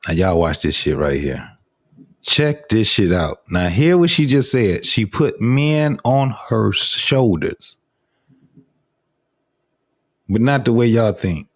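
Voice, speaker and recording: Podcast co-host casting: gruff man with a low voice, blunt and profane reaction commentary. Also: very animated, unhurried. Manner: blunt, cussing, ranting. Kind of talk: profane commentary over a clip.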